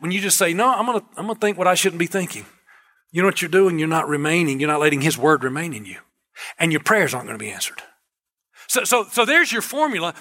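A male pastor delivers a sermon in an easygoing, conversational way, leaning on repetition to drive his points home. His voice sits high for a man and has a bright, forward tone. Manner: conversational preaching with emphatic repetition.

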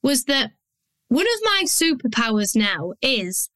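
A woman's voice: sits high, big pitch swings, unhurried, bright, forceful tone, no echo, rough recording. A woman with a Yorkshire accent, a business coach hosting her own podcast in a blunt, down-to-earth, chatty manner. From Yorkshire, England. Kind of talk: solo podcast monologue.

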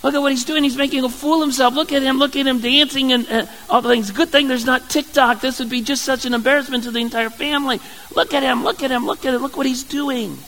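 A preacher voicing a scornful queen who mocks her husband, in a high, sneering, exaggerated voice. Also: fairly even intonation, quick pace, a bit bright, rough recording.

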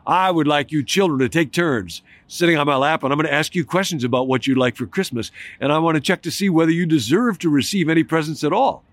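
A man putting on a booming Santa voice. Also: big pitch swings, moderate pace, few pauses, dry recording. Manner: booming, shouted. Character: loud bearded Santa man, booming and imposing.

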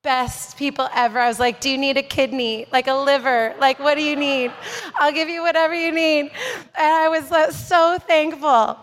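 A woman preaching a sermon, telling a personal story in an animated, self-deprecating way and acting out the dialogue. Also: high voice, normal speed. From Canada. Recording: long hall reverb.

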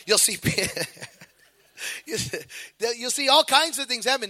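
Bright, lively high-voiced preacher. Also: male voice, measured pace, long pauses, dry recording. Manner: animated storytelling with acted voices. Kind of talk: sermon.

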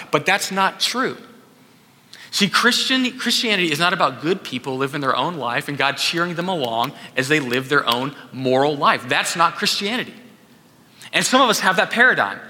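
A pastor preaches a conversational sermon, acting out quotes as he goes along. His voice sits a little high and sounds pushed and bright, echoing through a hall.

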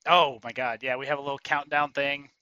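A man's voice: medium pitch, steady tone, fairly quick, pushed and bright, clear, resonant tone, lo-fi sound. A man co-hosting a podcast, joking and laughing often in casual chat. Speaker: podcast co-host.

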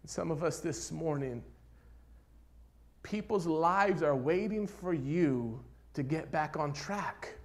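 A man preaching a sermon as pastor, moving between hushed, near-whispered passages and loud, rising exhortation, with repeated rhetorical questions. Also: on the high side, expressive, takes it slowly.

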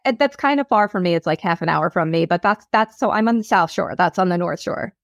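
A young woman from Long Island with a light New York accent, chatting relaxed and self-deprecating as an author guest over a video call. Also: on the low side, quick pace, no echo, studio quality. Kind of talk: casual interview chat.

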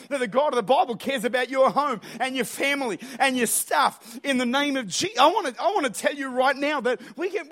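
An Australian man preaches a sermon in a church. His voice sits very high, and his delivery is energetic and humorous, climbing into shouts at the peaks. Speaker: pastor. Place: church auditorium.

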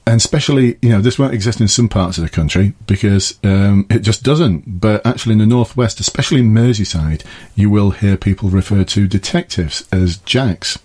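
A man with a lowish, slightly mellow voice and a breathy edge talks briskly. He's a middle-aged former police officer podcasting from his garden summer house, giving casual advice and chuckling at his own jokes.

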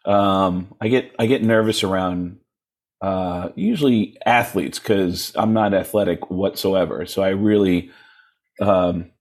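A man, a comedian guest, telling animated self-deprecating stories in a casual chat and laughing often. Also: low-pitched, unhurried. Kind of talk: casual storytelling in conversation.

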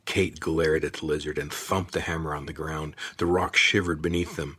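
A man narrating an audiobook in a steady, measured storytelling voice. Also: rumbling low, slightly rough.

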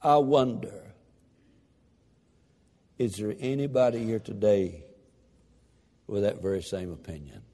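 A man preaching a sermon, fervent and building to shouted emphasis. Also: lowish voice, slow pace, long pauses, big-room sound.

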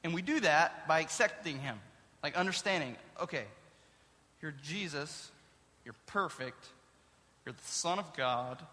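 A man's voice: on the high side, expressive, unhurried, long pauses, bright, forceful tone. A man, a youth pastor, giving a casual Bible lesson to kids, chatty and quizzing his listeners with questions. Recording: long hall reverb.

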